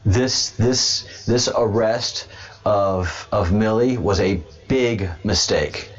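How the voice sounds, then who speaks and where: A man's voice: on the low side, slow pace, soft background music. A man hosting a casual livestream who rambles, repeats himself and restarts sentences often. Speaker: host of a livestream show. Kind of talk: casual political livestream commentary. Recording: dull lo-fi webcam sound.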